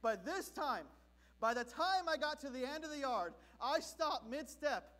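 A man from Southern California preaching a sermon as pastor, telling a story in an animated, comic way. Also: extremely high pitch, measured pace.

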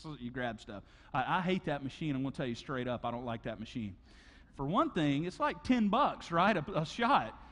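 Animated pastor in a big hall. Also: male voice, medium pitch. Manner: animated, conversational, acts out stories with sound effects. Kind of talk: sermon. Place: church auditorium.

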